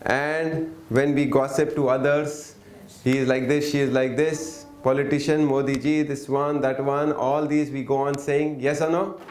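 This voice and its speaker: Medium-pitched and darkish, this male workshop teacher keeps a level tone at a normal speed, with a little hiss or hum audible. He teaches interactively in an echoey room, often asking the audience questions, waiting for their replies, and coaxing answers from them.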